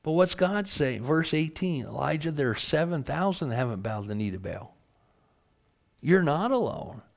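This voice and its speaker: A man's voice: a little high, animated, moderate pace, gravelly. A man preaching a sermon, reading scripture aloud and asking earnest rhetorical questions.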